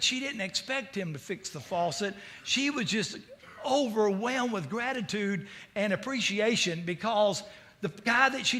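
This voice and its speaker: High, bright-voiced male preacher. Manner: energetic, conversational storytelling. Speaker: pastor. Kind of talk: sermon.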